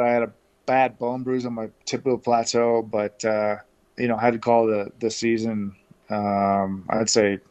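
A man from Canada telling stories as an interview guest over a video call, relaxed and chatty with lots of fillers and restarts. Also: mid-range voice. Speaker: interview guest, former pro baseball player.

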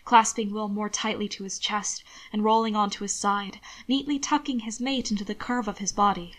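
A woman narrating fan fiction aloud in a soft, steady storytelling manner. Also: medium pitch, moderate pace.

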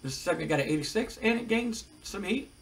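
In this low-quality clip with slight background noise, a man recaps a wrestling management game in a relaxed way, tossing wry comments between match scores. He sounds high-pitched, animated and gravelly, talking a little fast like the game commentator he is.

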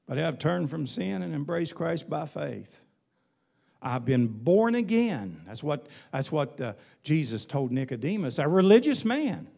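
A man's voice: a little high, very animated, measured pace, gravelly, mellow. A male pastor preaching a sermon in an emphatic, folksy way, with colloquial asides.

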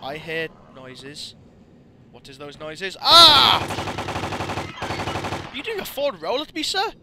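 An excitable man commentates his gameplay in a high voice that leaps all over the place. The noisy home recording has clear background noise running under him. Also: normal speed. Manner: excitable, yelps and swears at the game. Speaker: let's play host.

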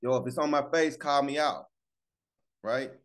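A man hosting a morning devotional over a video call, speaking with upbeat, preacher-like energy. He calls out to listeners by name and pushes them to share. His voice sits at an ordinary middle pitch. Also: steady tone, moderate pace. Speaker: morning show host.

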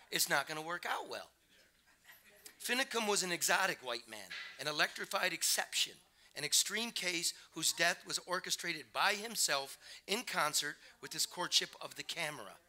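A middle-aged male author reading from his book on stage with a brash, profane, rapid-fire storytelling manner. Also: on the high side, pushed and bright. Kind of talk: live reading and talk. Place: festival stage before an audience.

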